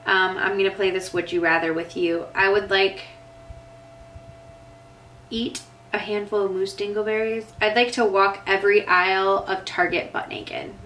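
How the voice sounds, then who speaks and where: Emotional and teary, a young vlogger chats casually while answering viewer questions, her rambling full of "like." She speaks at a moderate pace in a medium-pitched, fairly bright voice with fairly even intonation, and the poor audio carries slight background noise.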